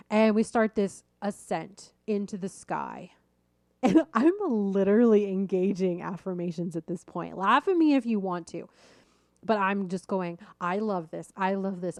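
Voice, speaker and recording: A middle-aged woman hosting a podcast, telling a personal story in a lively, self-deprecating way and laughing at herself. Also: mid-range voice, no room sound, clean studio sound. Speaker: podcast host.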